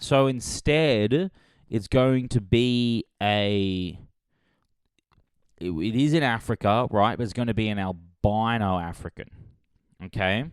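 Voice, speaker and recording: A man hosting a comedy podcast, rambling through a sarcastic movie pitch in a deadpan way, with sudden loud jumps. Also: no echo, studio quality.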